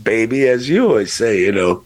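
A man's voice: on the low side, big pitch swings, moderate pace, a little mellow. A man guest talking passionately and emotionally, swearing freely and getting choked up as he speaks. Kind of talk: emotional casual talk.

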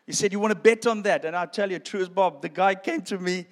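A man's voice: sits high, fast. A man giving a sermon testimony, telling his story with self-deprecating humor and calling his listeners friends. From South Africa. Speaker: preacher. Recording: long hall reverb.

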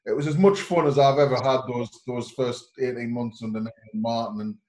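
A man's voice: medium pitch, steady tone, fairly quick, a little mellow, echoey room, low-quality recording. A man who once worked in a football club's office, appreciatively recalling happy years there. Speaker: former club office staff. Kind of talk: casual reminiscing.

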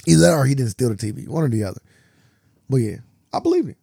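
A man's voice: mid-range voice, very animated, fast, creaky, dark tone, slightly rough, dry recording, clean studio sound. A man co-hosting a podcast in loose, joking chat, often acting out scenes as he retells them. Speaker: podcast co-host. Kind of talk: casual chat.

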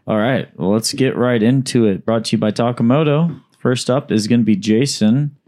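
A man's voice: medium pitch, a little mellow. Dry-joking male co-host from Alaska. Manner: dry, joking, halting when reading. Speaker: co-host reading listener submissions. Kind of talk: casual podcast chat.

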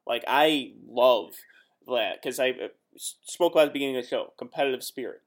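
A man's voice: mid-range voice, fairly quick. A man, a competitive powerlifter, talking earnestly in a casual chat and rambling a little.

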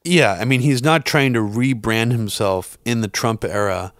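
A man's voice: medium pitch, normal speed, fairly bright tone, dry recording. Blunt man on a dry mic. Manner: blunt, rambling with restarts and swearing. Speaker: podcast co-host. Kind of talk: casual political chat.

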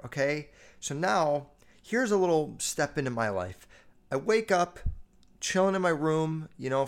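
A young American man hosting a casual solo podcast, telling stories in a loose, profane, animated way. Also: smooth. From United States. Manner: profane, animated storytelling with quick jumps in pitch and loudness. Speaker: podcast host.

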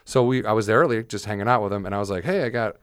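Low-voiced man telling a rambling story. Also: fairly even intonation, rapid-fire, clear, resonant tone, no echo, studio quality. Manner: rambling, self-mocking, acts out quoted voices. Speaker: podcast co-host. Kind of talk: casual storytelling chat.

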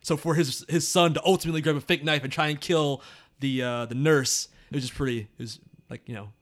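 Speaking a little fast in a steady, slightly high voice, this podcast host loosely discusses a film in a casual review chat, laughing frequently.

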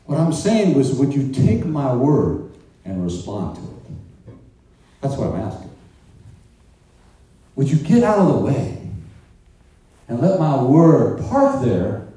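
Male pastor preaching, chatty and animated, pitch swinging a lot; captured from a distance in a reverberant church. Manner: animated, conversational preaching with asides to the congregation. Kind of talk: sermon. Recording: roomy echo, distant mic.

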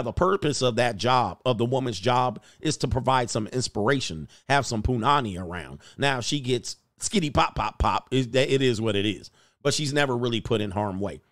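A man's voice: medium pitch, expressive, normal speed, dry recording, clean studio sound. A man commentating on videos in a mocking, casual way, chuckling as he goes. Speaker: YouTube commentator.

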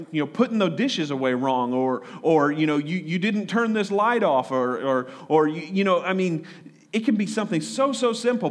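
A man preaching a conversational sermon, often repeating words and asking the congregation questions. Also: sits high. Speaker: pastor.

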